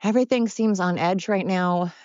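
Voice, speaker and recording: A woman's voice: fairly low pitch, moderate pace, darkish tone, dry recording, muffled recording. A tired woman hosting her podcast at home, talking in a rambling, candid monologue. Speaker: podcast host. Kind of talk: casual personal monologue. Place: at home with pets.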